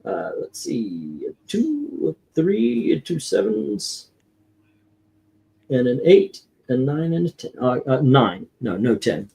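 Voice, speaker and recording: A man's voice: a little high, very animated, takes it slowly, creaky, mellow, slightly rough. Upbeat man hosting a livestream panel. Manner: upbeat, tallying votes aloud. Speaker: host. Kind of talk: casual livestream panel chat.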